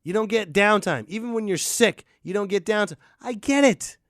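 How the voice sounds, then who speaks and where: A man hosting a comedic rant, swinging between loud outbursts and muttered asides. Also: sits high, lively intonation, moderate pace, no echo, clean studio sound. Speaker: podcast host.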